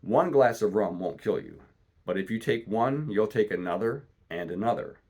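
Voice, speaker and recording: A man's voice: fairly low pitch, expressive, moderate pace, darkish tone, breathy edge. A man voicing a stern country doctor who lectures firmly and plainly, reading a storybook aloud. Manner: firm, lecturing and plain-spoken.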